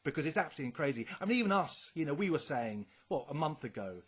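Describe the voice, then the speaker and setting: Man, casual podcast chat, swears, speculative, lively pitch, slightly high. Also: fast talker, husky. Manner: rambling, speculative, swears a lot. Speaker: podcast co-host.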